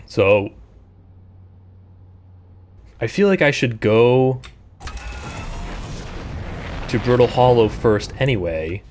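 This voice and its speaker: A man streaming a game live, thinking aloud and breaking into startled, high-pitched exclamations. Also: animated, slow pace, a little mellow. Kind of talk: live gameplay commentary.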